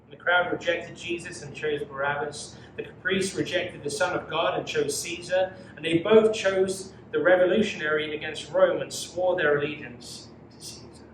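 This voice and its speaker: A man's voice: fairly high pitch, steady tone, moderate pace, hardly any pauses. A man teaching a youth Bible study, preaching emphatically and reading scripture dramatically. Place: church room. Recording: echoey room from far off with noise.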